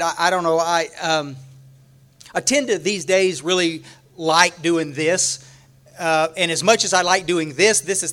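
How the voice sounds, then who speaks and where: An older man with a Texan accent, telling rambling, humorous stories to a retreat audience, full of halting restarts and fillers. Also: high-pitched, fairly bright tone. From Texas. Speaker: recovery retreat speaker. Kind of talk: rambling humorous storytelling talk. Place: room at a retreat, talking to a live audience.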